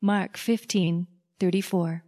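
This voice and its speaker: A woman reading Bible passages aloud in a measured, deliberate scripted reading. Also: fairly low pitch, steady tone, dark tone. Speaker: scripture reader.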